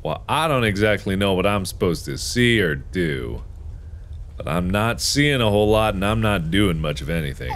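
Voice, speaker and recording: A young adult man giving let's-play commentary, reacting to a horror game with excitable, exclamatory outbursts. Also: lowish voice, normal speed, slight background noise. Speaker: gaming video host.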